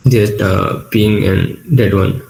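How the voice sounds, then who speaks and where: A man's voice: lowish voice, flat delivery, slow, creaky, a little mellow, reverberant, poor audio. A young man answering a teacher's exam questions hesitantly over a video call, unsure of his answers. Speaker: student in an oral exam.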